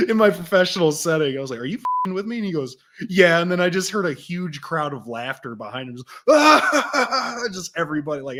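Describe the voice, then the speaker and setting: A man co-hosting a podcast, telling a story in a casual, animated way and laughing as he goes. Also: a little high. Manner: animated, laughs through his stories. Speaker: podcast co-host.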